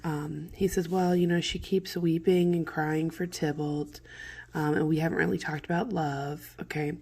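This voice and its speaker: A woman teacher walks students through a play, reading lines and retelling them in easy everyday words. Her voice sits low with a gravelly edge. It also has a husky texture, and she keeps clearing her throat. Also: steady tone, normal speed, dark tone. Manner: conversational, paraphrases lines in plain modern words. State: throat clearing from morning allergies.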